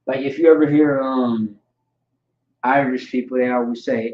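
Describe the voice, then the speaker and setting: A man leads a casual word lesson, saying each term over several times and pausing often to check in. His voice is mid-pitched and sits in a roomy, echoing space. The recording is dull and lo-fi. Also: steady tone, darkish tone. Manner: repeats words slowly and checks in with "all right" and "okay". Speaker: language teacher. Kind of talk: informal vocabulary lesson. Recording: echoey room, dull lo-fi sound.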